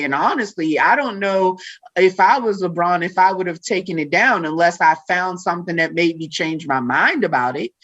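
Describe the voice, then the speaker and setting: A woman hosting a podcast, ranting in casual chat with lots of swearing and frequent laughs. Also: lowish voice. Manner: profane ranting, laughs often. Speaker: podcast host. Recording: dull lo-fi sound.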